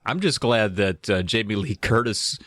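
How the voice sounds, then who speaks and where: A man with a lowish voice banters on a movie podcast, full of jokey asides and quick reactions. The sound is dry and close to the mic. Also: lively intonation, a bit bright, no room sound. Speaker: podcast co-host.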